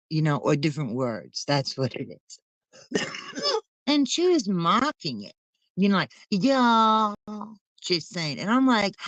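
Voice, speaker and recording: A woman's voice: lowish voice, dry recording, low-quality recording. A woman co-hosting a casual chat, rambling through long stories and speaking bluntly with casual swearing. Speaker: channel co-host.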